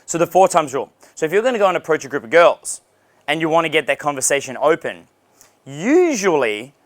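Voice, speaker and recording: A man's voice: fairly high pitch, fairly bright tone, no room sound. A man teaching a dating seminar, blunt and profane, acting out sample dialogues. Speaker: dating coach. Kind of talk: seminar lecture.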